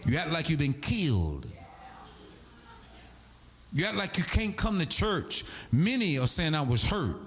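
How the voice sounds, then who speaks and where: Animated preacher man, lively voice. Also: unhurried, pauses often. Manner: animated storytelling preacher, swings high and low. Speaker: pastor. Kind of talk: sermon.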